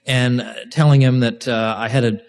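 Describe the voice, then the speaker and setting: A male lecturer talks a class through an outline in a lively, informal way. His voice sits at an ordinary middle pitch, and he breaks off with asides and quick restarts. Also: clear, resonant tone. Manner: animated, joking asides, frequent restarts. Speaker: host and lecturer. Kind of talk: informal university-style lecture. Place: lecture room with a live class.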